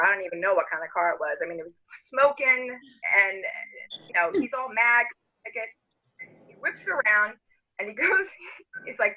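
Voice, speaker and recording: Lively, bright-voiced woman telling a story. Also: mid-range voice, lo-fi sound. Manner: animated, laughing, acts out quotes. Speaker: storyteller among friends. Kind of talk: casual storytelling.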